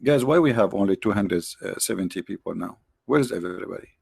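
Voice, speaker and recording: A man with non-native English phrasing hosting a livestream, mocking his subject with rhetorical questions, his voice tired and his throat often cleared. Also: on the low side, animated, fast, darkish tone, dry recording. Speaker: livestream host. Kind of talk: mocking debate commentary.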